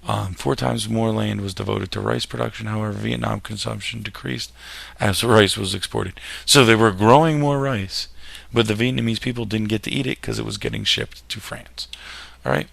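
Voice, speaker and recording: A man's voice: fairly low pitch, fairly even intonation, moderate pace, creaky, fairly bright tone, no room sound. A man teaching history in a recorded lecture over slides, with jokey, self-deprecating asides.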